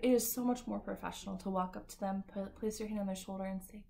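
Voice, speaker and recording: A woman's voice: medium pitch, steady tone, fast talker, gravelly, warm tone. A woman working as a beauty industry coach, giving a casual, upbeat talk to camera with lots of "like" and "kinda". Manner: chatty and upbeat, full of "like" and "kinda".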